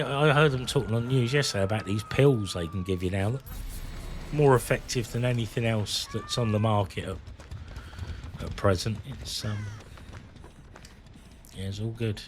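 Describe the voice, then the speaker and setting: A man's voice: on the low side, slight background noise. A man, chatting casually and candidly while streaming a game, rambling and swearing freely. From England. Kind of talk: casual chat while gaming.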